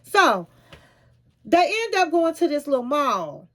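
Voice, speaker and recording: A woman vlogger retelling a reality show in a chatty, animated way, often calling the listener "honey.". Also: high-pitched, slow. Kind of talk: casual storytelling recap.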